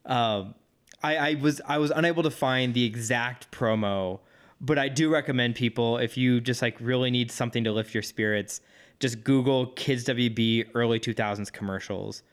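A man's voice: medium pitch, moderate pace. A man co-hosting a podcast in casual chat, talking with nostalgic enthusiasm. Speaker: podcast co-host.

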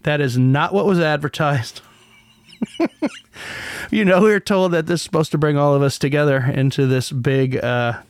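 A man's voice: a little high, normal speed, no echo. A man hosting a casual solo podcast, rambling with many restarts and a sardonic edge. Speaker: podcast host.

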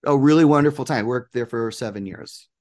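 Man, interview guest, enthusiastic storyteller, mid pitch, acts out quotes. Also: a little fast, darkish tone. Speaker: guest, producer and game maker.

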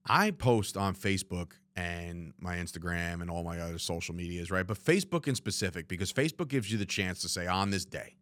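A man with a fairly low voice and wide pitch swings talks at a normal pace, with no room sound. He's alone in a studio hosting a reflective solo podcast, rambling candidly, swearing, and saying "you know what I mean" a lot.

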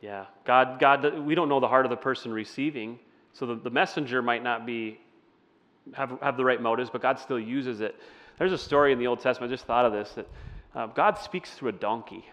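A man's voice: medium pitch, a little fast, fairly bright tone, big-room sound, lo-fi sound. A man preaching a conversational sermon as a pastor, asking his listeners questions. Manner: conversational, asks the audience questions. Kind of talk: interactive sermon.

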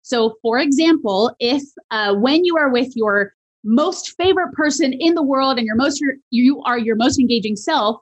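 Animated woman with a bright higher voice. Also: moderate pace. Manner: animated, swoops up high to demonstrate pitch. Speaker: podcast guest, voice coach. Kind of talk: casual interview chat.

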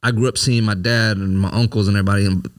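A man in his late thirties with a lowish voice speaks openly and unguardedly in casual conversation. He gropes for words, restarting and circling back as he opens up. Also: fairly even intonation, rapid-fire. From immigrant family, came to America as a child. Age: 30s. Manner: open, searching, many restarts and fillers. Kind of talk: candid conversation.

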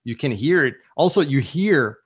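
A man's voice: mid-range voice, lively intonation, normal speed, slightly rough. A middle-aged man, a guest entrepreneur, talking enthusiastically in a rambling, casual way. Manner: enthusiastic, rambling with many "like" fillers. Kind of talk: casual conversational interview.

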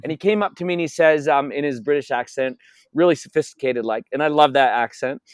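A man's voice: on the high side, fast talker, dry recording. A man being interviewed as a wealth coach, telling stories with emphasis and repeating his key phrases. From North America. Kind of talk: energetic interview talk.

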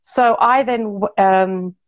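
A woman from Portugal tells her life story casually and animatedly, often correcting herself mid-sentence and tossing asides to the listeners. Her voice is mid-range and slow, and the audio is dull.

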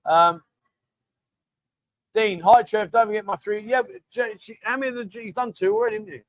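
High-voiced matey male host. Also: steady tone, brisk, dry recording. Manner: chatty and matey, often calls people mate. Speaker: livestream host. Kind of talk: casual live chat reading viewer comments.

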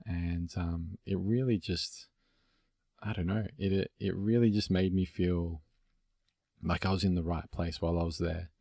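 Deep husky-voiced man, relaxed podcast host. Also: measured pace, no room sound, studio quality. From Australia. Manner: relaxed, reflective, many fillers and restarts. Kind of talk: casual conversation.

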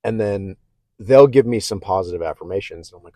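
A man with a lowish voice talks through a casual self-help podcast monologue in a candid, reflective way. He restarts sentences and often checks in with the listener by asking "okay?". The sound is close and dry, with no room echo. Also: fairly quick, mellow. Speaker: podcast host.

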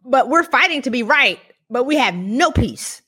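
A woman hosting a podcast interview, laughing often and acting out animated retellings. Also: high voice, moderate pace, breathy edge. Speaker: podcast host. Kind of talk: casual interview chat.

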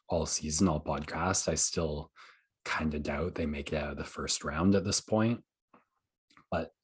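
Very deep husky man, rambling sports talk. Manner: rambling, thinking aloud. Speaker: podcast co-host. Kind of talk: casual sports chat.

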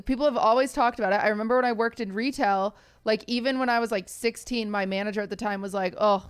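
A young woman chatting on a podcast, telling stories with lots of energy. Her voice is fairly high and lively, and she jumps up into a shrill register whenever she plays someone she is quoting. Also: smooth. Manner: animated storyteller, acts out quotes in high voices. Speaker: podcast co-host. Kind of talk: casual chat.

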